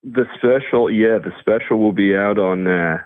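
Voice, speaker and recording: Deep-voiced man with a mixed English-American accent, on the phone. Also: normal speed, no echo. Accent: English-American mix often taken for Australian. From half English, half American. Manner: dry, self-mocking. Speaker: comedian guest calling in. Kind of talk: casual chat. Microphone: phone call. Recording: tinny phone line.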